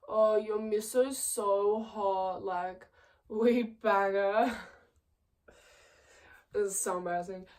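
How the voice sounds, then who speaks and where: A woman's voice: medium pitch, darkish tone. Chatty young woman telling a story. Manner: chatty, filler-heavy, laughing often. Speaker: vlogger. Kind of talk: casual storytime. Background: faint background music.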